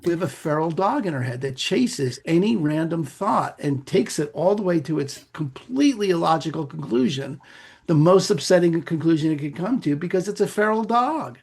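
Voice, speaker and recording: Casting: middle-aged man, husky gravelly voice, a little high, loose explainer as interview guest. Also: moderate pace. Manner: gravelly, husky, animated with playful asides. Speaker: meditation teacher, podcast guest. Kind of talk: conversational explaining.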